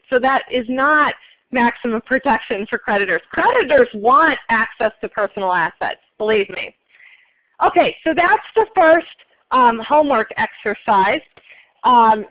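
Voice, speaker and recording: High-voiced woman lecturing a class. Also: no echo, narrow, tinny audio. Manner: brisk, polls students and repeats answers. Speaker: accounting instructor.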